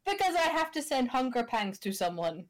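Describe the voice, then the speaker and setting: A woman's voice: high voice, sing-song, moderate pace, a little hiss or hum. A Scottish woman in her thirties, co-hosting a podcast and telling a sweary, wry story in casual chat. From Scotland. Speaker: podcast co-host.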